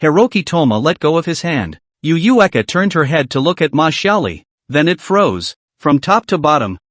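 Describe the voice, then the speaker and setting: A man's voice: a little high, sing-song, moderate pace, fairly bright tone, dry recording. A man narrating a story recap in a scripted storytelling delivery.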